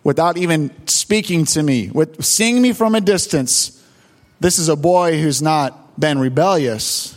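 A man's voice: on the high side, animated, measured pace. A man preaching a sermon, retelling a childhood story with emotional repetitions and stammers. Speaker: pastor.

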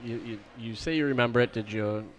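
A man's voice: medium pitch, fast talker. Easygoing male host asking questions. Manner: easygoing questions, laughs along. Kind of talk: casual interview. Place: live show.

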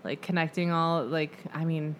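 A young adult woman co-hosting a relaxed podcast, talking in a blunt, loose way with casual swearing. Her voice sits a little low for a woman. A faint background hiss runs under the talk. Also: moderate pace. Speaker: podcast co-host. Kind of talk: casual chat.

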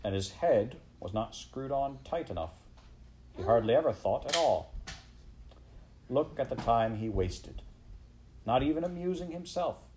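A man's voice: mid-range voice, expressive, a little slow, long pauses, darkish tone, slight background noise, voice pushed up, lightly acted. A man voicing a severe male official who judges a case, cold and disapproving, in an audiobook. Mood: stern. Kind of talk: audiobook character reading.

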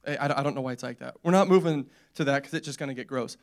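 A man's voice: mid-range voice, racing. A young man preaching a sermon in a conversational, storytelling way, with joking asides and quoted voices. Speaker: pastor.

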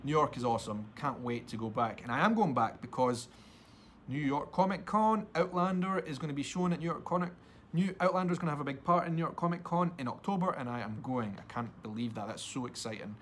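A man's voice: on the high side, expressive, a little fast, a bit bright, a little hiss or hum. A man with a Scottish accent hosting a solo podcast, chatting eagerly and straight to his listeners in a casual way. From Scotland. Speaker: podcast host.

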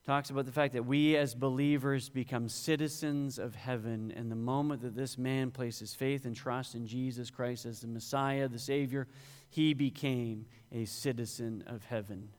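A man's voice: medium pitch, fairly even intonation, moderate pace, darkish tone. A male pastor preaching a sermon, rising in emphasis on quoted scripture. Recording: long hall reverb.

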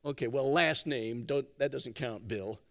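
A man preaching a sermon, telling stories conversationally with gentle humor and acting out quotes. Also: medium pitch, measured pace, gravelly. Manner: animated storytelling with acted-out quotes. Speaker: pastor.

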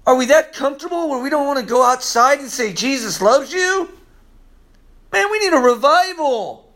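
A man preaching a sermon in a casual, slangy way, swinging from loud emphasis to hushed asides. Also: very high-pitched, lively intonation, normal speed.

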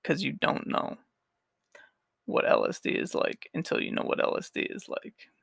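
A man's voice: moderate pace, fairly bright tone, dry recording, clean studio sound. A young man hosting a solo podcast who tells a story in a rambling, profane way and laughs often. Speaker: podcast host.

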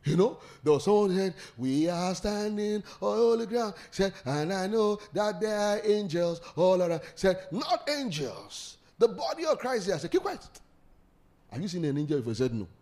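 A man's voice: high-pitched, normal speed, mellow. A man preaching a sermon, leading call-and-response and laughing often.

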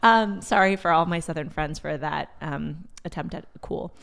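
A woman, a podcast guest, talking casually, animated, and slipping into other people's ways of speaking. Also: low-pitched, moderate pace, creaky. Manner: animated storyteller, mimics voices she hears. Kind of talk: casual conversation.

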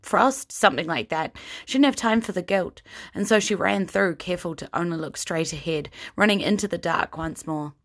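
A woman's voice: lowish voice, moderate pace. A woman narrating a fantasy story as game master in a tabletop game.

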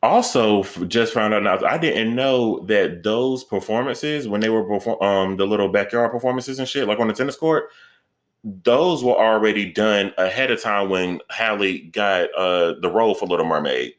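Deep-voiced man, rambling and cursing. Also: moderate pace. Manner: loose, rambling, heavy swearing. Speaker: podcast co-host. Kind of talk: casual pop-culture chat.

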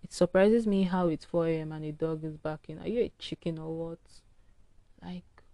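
A woman's voice: low voice, steady tone, moderate pace, warm tone, no room sound. Tired, chatty woman podcast host. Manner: chatty, rambling, frank. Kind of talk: casual solo rant. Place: indoors at home early morning.

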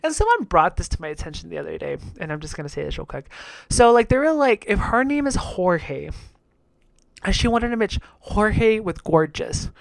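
A woman's voice: mid-range voice, very animated, moderate pace, creaky, no room sound, studio quality. A young woman hosting a casual reaction video, chatty and profane, laughing often.

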